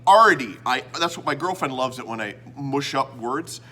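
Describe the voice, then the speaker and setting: A Canadian man hosting a rambling comedy show from a room, theatrical and self-mocking, swinging between loud bits and mumbled asides. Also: medium pitch, moderate pace. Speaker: host. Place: indoor room.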